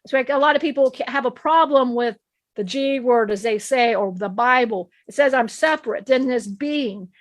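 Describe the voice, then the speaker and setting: An ancient divine male being delivers a spiritual lesson, as a woman channels him in a high voice. He preaches emphatically, circling back to the same point again and again with restarts. The sound is dry and close. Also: moderate pace, no room sound, lightly acted. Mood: earnest.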